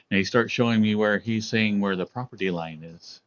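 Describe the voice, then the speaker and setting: A man's voice: low voice, normal speed, highs cut off. A man streaming, chatting casually and telling a story to his viewers, laughing often. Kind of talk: casual chat with chat readers.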